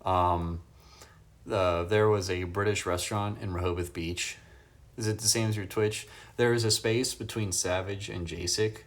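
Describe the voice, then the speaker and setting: On his phone in a hotel room, a man livestreams in a laid-back way, chatting casually, reading viewers' questions aloud and chuckling often. His voice is deep, with fairly even intonation and a normal pace.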